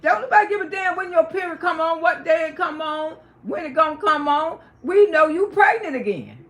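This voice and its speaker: Brief: a high-pitched woman hosting a live gossip stream, loud and cussing. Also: steady tone, a little fast. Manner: loud, emphatic, profane ranting. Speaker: livestream host.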